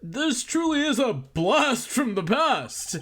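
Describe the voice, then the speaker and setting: A woman voicing an elderly male courtroom judge from the game she is playing, speaking slowly and musingly. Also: a little high, big pitch swings, fairly bright tone, a little hiss or hum, full character voice.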